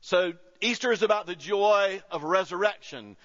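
A high-pitched pastor in his fifties preaches in a chatty, storytelling way that builds to emphatic high points. His voice rings through a large sanctuary with a long reverb. The sound is slightly dull and muffled. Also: normal speed, fairly bright tone. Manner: conversational preaching, swelling to emphatic peaks. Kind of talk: sermon. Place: church sanctuary.

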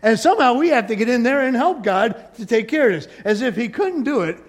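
A male pastor delivering a sermon in a high, lively voice that rises and falls freely. He keeps it conversational and playful, slipping jokes between points. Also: a little fast. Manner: joking, animated, conversational.

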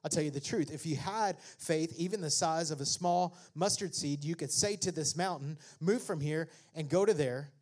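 A man delivers a sermon. He slips easily between chatty asides and loud, rising exhortation. He laughs at his own jokes along the way. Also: on the high side, moderate pace, hardly any pauses. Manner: swings from conversational asides to shouted preaching; jokey, laughs at own remarks. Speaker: pastor.

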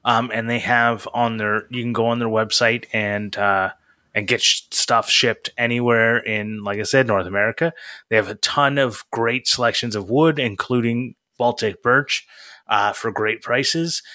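A man co-hosts a podcast, chatting loosely and rambling with lots of fillers and restarts. His mid-range voice is a little slow and fairly even in intonation, with a pushed, bright quality, and the recording is dry.

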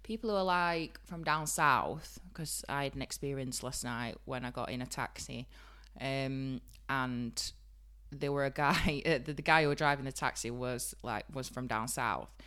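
A young woman with a broad Yorkshire accent, co-hosting a podcast in lively casual chat and laughing often. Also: a bass voice, moderate pace, hardly any pauses. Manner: animated, laughs often, bursts loud. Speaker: podcast co-host.

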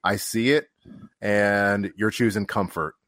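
Male fire officer guest, lowish voice, dry close sound, candid storyteller who acts out quotes and swears freely. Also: fairly even intonation, slow pace, fairly bright tone, no echo. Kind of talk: storytelling in casual conversation.

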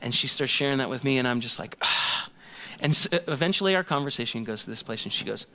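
A man's voice: medium pitch, moderate pace, pauses often, pushed and bright, slight background noise. A man in his thirties, a pastor telling a self-mocking personal story in a sermon and acting out both sides of a conversation.

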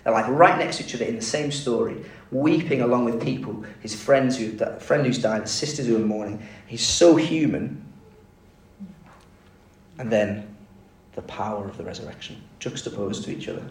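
A man's voice: medium pitch, moderate pace. Man preaching, conversational storytelling, rhetorical questions, roomy echo, slightly off-mic. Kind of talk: sermon. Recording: echoey room, mic at a distance.

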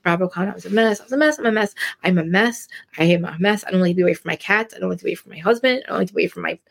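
Gravelly, low-pitched and racing, a woman from New Jersey hosts a casual podcast chat. Her animated rants about reality TV ramble along with frequent restarts.

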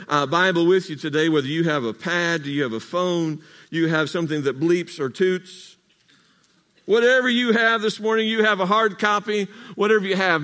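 High-voiced man preaching call-and-response. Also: a bit bright. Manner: call-and-response preaching, drawn-out emphatic phrases. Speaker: pastor. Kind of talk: sermon. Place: church sanctuary.

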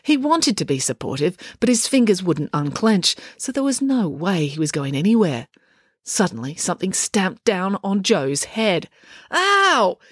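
Expressive woman reading a children's story. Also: fairly low pitch, normal speed, slightly rough, no room sound, studio quality. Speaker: author and narrator.

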